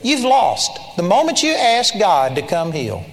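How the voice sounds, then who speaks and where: A man's voice: high-pitched, wildly swooping pitch, measured pace. A man preaching a sermon in an emphatic way, sometimes mimicking timid, pleading prayers. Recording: long hall reverb.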